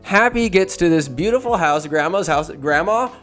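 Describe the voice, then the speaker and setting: A man's voice: high-pitched, expressive, moderate pace, fairly bright tone, faint music behind. A man casually retelling a comedy movie scene by scene, rambling and crude. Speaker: movie recapper.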